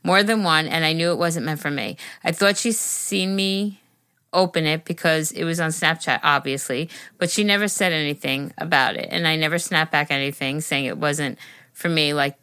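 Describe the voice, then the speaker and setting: Blunt, low-voiced young woman podcast host. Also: moderate pace, bright, forceful tone, clean tone, no room sound. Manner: loose and blunt, swears freely, many fillers. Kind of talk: casual chat and reading listener letters aloud.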